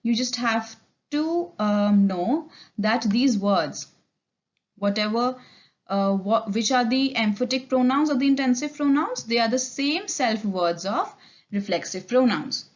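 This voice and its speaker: Indian woman teaching, slightly high voice. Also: expressive, unhurried. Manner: explains step by step, mixing Hindi and English, frequent "okay?" checks. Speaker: English teacher. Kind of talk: recorded grammar lecture. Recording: dull lo-fi recording.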